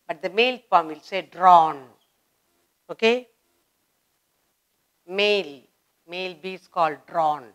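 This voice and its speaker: A woman with an Indian English accent teaches children basic grammar, drawing each word out at a very slow, deliberate pace. Her voice sits at a middling pitch, and she repeats key words with heavy emphasis, as if guiding a young class. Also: a bit bright, clear, resonant tone.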